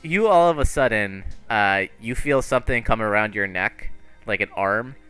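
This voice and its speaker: A man's voice: lowish voice, lively intonation, normal speed, a bit bright, soft background music. A man narrating a tabletop game as game master, laid-back and full of fillers. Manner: laid-back, filler-heavy, laughs often.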